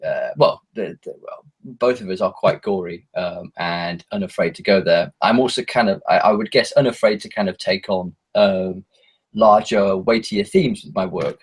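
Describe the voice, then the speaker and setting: Husky, hesitant English man. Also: low-pitched, normal speed. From England. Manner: hesitant, many ums, self-mocking. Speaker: guest horror author. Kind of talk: casual podcast chat.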